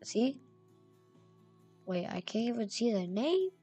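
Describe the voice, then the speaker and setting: A young woman giving excitable, chatty commentary while playing a video game, reading names aloud as she goes. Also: fairly high pitch, slow, slightly rough, faint music behind. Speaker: gamer. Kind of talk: gameplay commentary.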